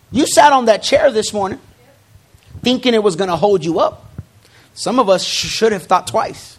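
A man's voice: high voice, normal speed, pauses often, slightly rough. A man preaching a sermon to his congregation, building emphasis through repeated phrases and dropping in joking asides. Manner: emphatic preaching with rising, forceful repetitions. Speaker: pastor.

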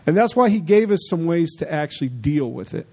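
High-voiced, mellow man preaching. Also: animated, fairly quick. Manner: emphatic, conversational preaching with repeated asides. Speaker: pastor. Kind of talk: sermon.

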